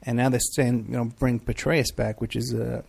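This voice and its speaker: A man's voice: medium pitch, flat delivery, normal speed, vocal fry, darkish tone. A middle-aged man hosting a live show, chatting casually and rambling through questions from the chat with many fillers. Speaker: podcast host.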